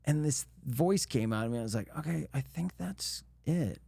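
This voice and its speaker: A man's voice: medium pitch, moderate pace, vocal fry, husky, no room sound. A middle-aged man who is an actor, telling stories in a casual interview, acting out quotes and laughing often. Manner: animated storyteller, laughs often, acts out quotes. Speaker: actor guest.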